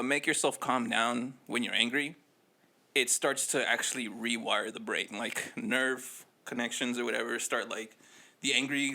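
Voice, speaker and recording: A man's voice: medium pitch, pushed and bright. A man co-hosting a casual podcast, giving loose, profane, jokey advice. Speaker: podcast co-host.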